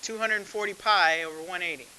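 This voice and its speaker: A man's voice: high voice, brisk, sharp tone, a little hiss or hum, poor audio. A man teaching a math class, talking conversationally and asking the class frequent questions. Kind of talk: classroom lecture.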